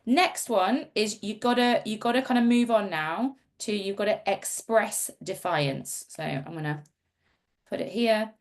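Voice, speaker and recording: Middle-aged woman, gravelly fry, chatty self-interrupting host, video-call workshop. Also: medium pitch, a little slow. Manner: chatty, self-interrupting, reads out chat comments.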